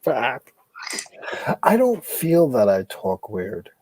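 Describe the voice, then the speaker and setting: A man's voice: on the low side, moderate pace, warm tone, no echo. A man from New England with a Rhode Island accent, joking in a laid-back casual chat on a podcast.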